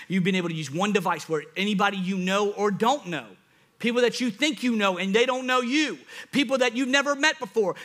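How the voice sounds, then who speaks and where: Pastor, male, high bright voice, animated sermon delivery with acted-out asides. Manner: animated, laughs at himself, acts out quoted thoughts.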